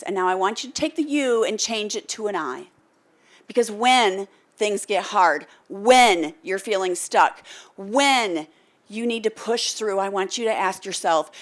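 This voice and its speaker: A woman's voice: medium pitch, normal speed. An American woman giving a motivational keynote speech on stage, telling a story and acting out the lines of the people in it while calling on the audience to answer her. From United States. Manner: animated, calls for audience responses; storytelling, acts out quoted lines. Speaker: motivational speaker. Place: stage before a live audience.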